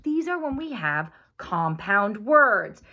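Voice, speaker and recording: A woman teacher giving a phonics lesson, patient and encouraging, speaking slowly and clearly. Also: mid-range voice, very animated, sharp tone.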